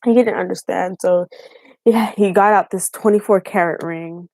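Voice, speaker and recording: A woman's voice: mid-range voice, fairly even intonation, moderate pace, darkish tone, dry recording. A young woman from Haiti, a YouTube vlogger, telling a story in casual live-stream chat with fillers and laughs.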